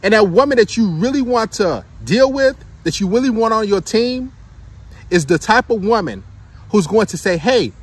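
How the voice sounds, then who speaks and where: A man with a high, husky voice lectures men on dating in a preachy monologue. He hammers each point home and keeps checking in with "right?" and "okay?". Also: expressive, normal speed. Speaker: dating advice commentator.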